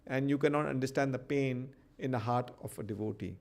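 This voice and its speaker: A man's voice: medium pitch, a little fast, creaky, a little mellow, lightly acted. A man doing a sorrowful devoted queen. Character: grieving devoted queen, tender woman.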